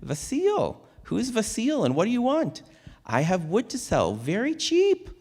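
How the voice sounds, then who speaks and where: Kindly disguised rabbi done by a man, reassuring, a bit scolding, pitched up high. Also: huge pitch swings, a little slow, in a large hall, exaggerated voice. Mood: offering. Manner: gently reproachful, reassuring. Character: kindly male rabbi disguised as a peasant woodseller.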